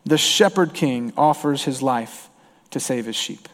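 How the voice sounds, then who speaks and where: A man's voice: medium pitch, expressive, a little slow, fairly bright tone, in a large hall. A man preaching a sermon as a pastor, earnest, with his voice rising and falling for emphasis.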